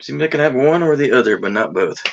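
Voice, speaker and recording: A man's voice: mid-range voice, expressive, fast, vocal fry. A man co-hosting a casual livestream, matter-of-fact as he sorts out technical problems. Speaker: stream co-host. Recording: dull lo-fi audio.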